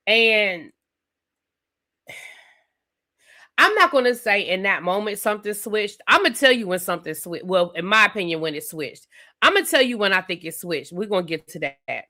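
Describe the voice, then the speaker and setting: A woman hosting a live TV review stream, recapping an episode in a chatty, animated way with lots of fillers and asides. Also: mid-range voice, moderate pace. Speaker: TV review channel host.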